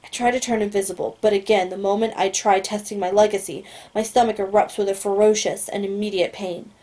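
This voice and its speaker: A woman reading a first-person novel aloud at a steady pace, sometimes stumbling and correcting herself. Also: mid-range voice, fairly quick. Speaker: audiobook reader.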